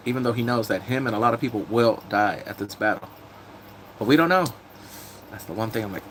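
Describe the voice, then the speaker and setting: A man's voice: mid-range voice, fairly quick. Guy streaming, recapping tv, laughs a lot, keeps saying welcome in, bit of noise behind. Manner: animated, laughing, greets viewers often. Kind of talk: casual live-stream chat.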